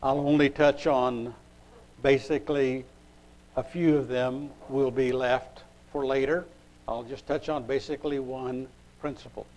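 A man preaching a sermon, reading scripture aloud and pausing as he looks up verses. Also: medium pitch, fairly even intonation, darkish tone, a little hiss or hum, low-quality recording. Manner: unhurried, pausing while looking up verses.

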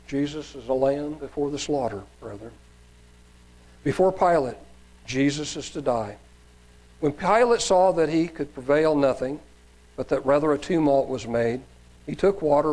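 A man's voice: a little high, darkish tone, rough recording. A man preacher reading Bible passages aloud and adding sermon comments, raising his voice for quoted cries, with some fillers and restarts.

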